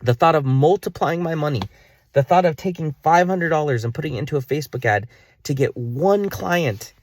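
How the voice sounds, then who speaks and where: A man's voice: on the high side, brisk. A man in his thirties talking straight to camera in a personal video diary. He scolds himself in an exasperated, rambling way and swears now and then. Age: 30s. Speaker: vlogger.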